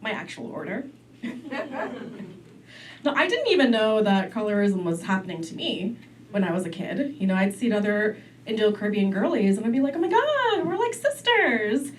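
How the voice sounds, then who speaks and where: A woman's voice: medium pitch, expressive, fairly quick, far from the mic, a little hiss or hum, poor audio. A woman performing a stand-up comedy set in a comedy club, acting out relatives in big voices.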